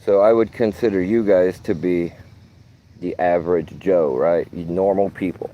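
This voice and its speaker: A man's voice: deep voice, steady tone, moderate pace, lo-fi sound. A man talking casually to his phone camera in a park, rambling and swearing with streetwise slang. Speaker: vlogger.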